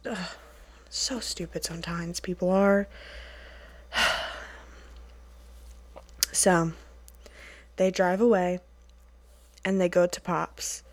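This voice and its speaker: A woman records a solo podcast close to the mic in a dry, dead room. She recaps a TV episode in casual talk, animated and sweary. Her voice sits at a middle pitch. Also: no echo. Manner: animated, sweary, laughs often, rants.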